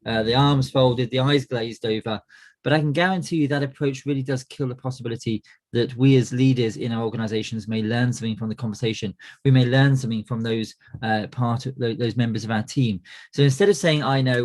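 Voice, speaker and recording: A man's voice: medium pitch, steady tone, a little fast. A middle-aged man hosting a business coaching webinar, friendly and full of "uh" fillers and restarts. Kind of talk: presenting a webinar.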